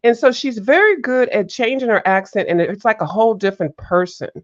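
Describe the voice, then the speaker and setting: A woman's voice: fairly high pitch, animated, fairly quick, muffled recording. A woman panelist in casual chat, gossiping animatedly and cutting in.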